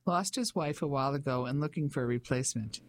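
An audiobook narrator voicing a spirited Englishwoman who speaks briskly and self-assuredly. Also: rumbling low, slight background noise. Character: spirited Englishwoman living abroad.

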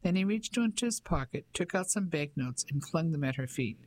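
A man reading a novel aloud as an audiobook narrator, measured and expressive. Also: on the high side. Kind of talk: scripted narration.

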